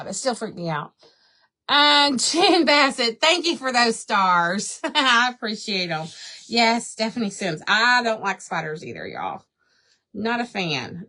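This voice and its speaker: A woman's voice: mid-range voice, sharp tone. A middle-aged woman hosts a live crafting stream from home. She talks casually to her viewers as she paints, drifting into long chatty stories and calling them y'all. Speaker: crafting livestream host. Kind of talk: casual chat while painting.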